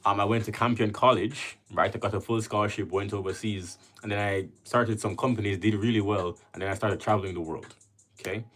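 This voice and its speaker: A man's voice: lowish voice, fairly even intonation, fairly quick, a bit bright. A man from Jamaica with a Jamaican accent, hosting a casual livestream and chatting with viewers as he reads their comments aloud. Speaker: livestream host.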